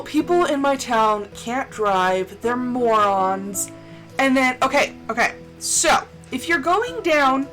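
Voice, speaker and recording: A woman streamer tells a story in a high, bright voice that swings widely up and down. She rants with indignation and swears freely. Soft music plays quietly behind her. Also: low-quality recording. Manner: animated, swears a lot, indignant ranting. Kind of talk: casual storytelling while gaming.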